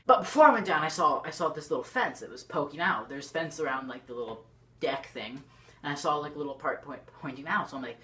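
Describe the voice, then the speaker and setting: A teenage girl telling a storytime vlog to her camera. She rambles excitedly and fills her talk with lots of "like". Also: sits low, fast talker. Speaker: YouTuber. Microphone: camera facing the speaker.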